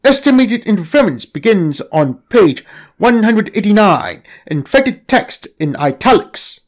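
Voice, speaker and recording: A man reading a story aloud as narrator, in an expressive storytelling manner. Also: high-pitched, a little slow. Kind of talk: scripted narration.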